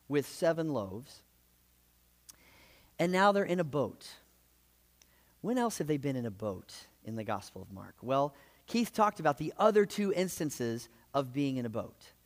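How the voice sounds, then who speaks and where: A man preaching a sermon, retelling gospel stories in a lively, conversational way with frequent asides. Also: on the high side. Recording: long hall reverb.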